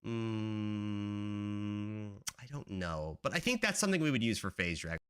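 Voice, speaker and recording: A man's voice: on the low side, expressive, unhurried, fairly bright tone, clear, resonant tone. A man streaming live, rambling casually with lots of "like" while testing voice settings. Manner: chatty, rambling, frequent "like".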